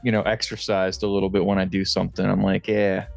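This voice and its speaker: A man's voice: low-pitched, little pitch movement, quick pace, vocal fry, soft background music. A middle-aged man co-hosting a podcast, telling rambling, self-deprecating stories in casual chat. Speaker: podcast co-host.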